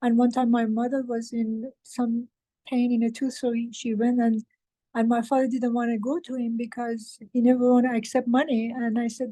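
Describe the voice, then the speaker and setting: A woman speaking in a casual group meeting, halting and emotional, with many fillers and restarts. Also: a little high, flat delivery, dark tone, no room sound, poor audio. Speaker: meeting participant.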